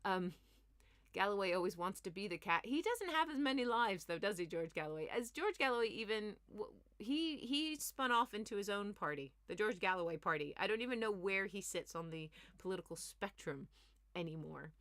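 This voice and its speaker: A woman comedian hosting a comic news commentary, talking in an animated, sarcastic, ranting way with quick asides. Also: mid-range voice, no room sound, studio quality. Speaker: comedian host.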